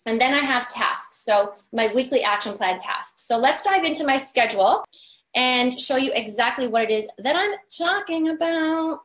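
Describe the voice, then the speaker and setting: A woman's voice: fairly high pitch, expressive, moderate pace, a bit bright, echoey room. A woman coaching business owners in a chatty live tutorial, full of "like" and "right?", while losing her voice. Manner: chatty, filler-heavy, keeps asking "right?". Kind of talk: live-streamed scheduling tutorial.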